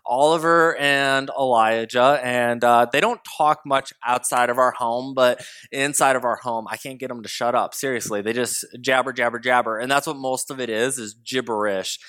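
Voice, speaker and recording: A young adult man from the United States, a father, preaching a sermon in a relaxed, conversational storytelling way, mimicking his toddlers now and then. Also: medium pitch, clear, resonant tone.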